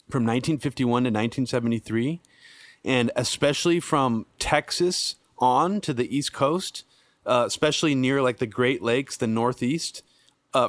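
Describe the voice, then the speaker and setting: A man's voice: mid-range voice, dry recording. Man, podcast host, casual blunt talk, swears a lot, dry close mic. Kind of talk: casual chat.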